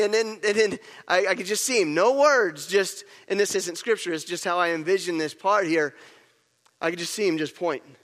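A man with a high voice preaches a sermon, retelling a story and acting out each moment with lively energy. His voice carries a long reverb, as if recorded in a hall. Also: moderate pace. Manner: animated storytelling, acts out scenes. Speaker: pastor.

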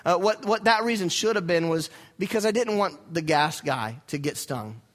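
A young man preaching, spinning a story with lively, self-mocking humor. His voice sits high and rings bright and clear. He delivers it as a sermon to his congregation. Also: normal speed. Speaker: pastor.

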